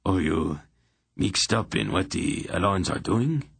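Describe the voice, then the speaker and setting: A man voicing an excitable, plaintive male king in an audiobook, protesting and quick to shout. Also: low voice, vocal fry, slightly rough, no echo, clean studio sound, heavily acted. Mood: agitated.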